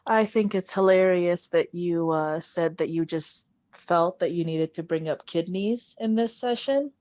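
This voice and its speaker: A woman participant sharing a personal story in a casual, chatty way with quick asides. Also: lowish voice, a little mellow, no echo, muffled recording.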